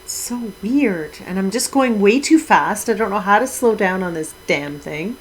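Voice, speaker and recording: A woman's voice: medium pitch, expressive, normal speed, slight background noise, low-quality recording. A middle-aged woman streaming a video game, talking casually with her chat and exclaiming with mild minced oaths as she plays. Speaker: Twitch streamer. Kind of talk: casual gaming livestream chat.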